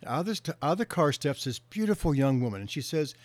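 A middle-aged man, a counselor, giving an earnest motivational talk and slowing down to stress key words. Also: on the high side, big pitch swings, a little mellow, no room sound. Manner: earnest storytelling, slows for emphasis.

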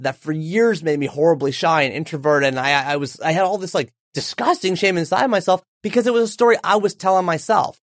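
Animated storytelling man in his forties. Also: a little high, no echo, clean studio sound. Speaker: author guest. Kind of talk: storytelling in an interview.

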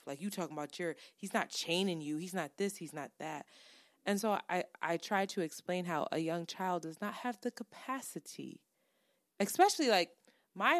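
A woman co-hosting a podcast, telling a story in casual, animated, profane chat that builds to heat. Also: lowish voice, no echo, studio quality. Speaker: podcast co-host.

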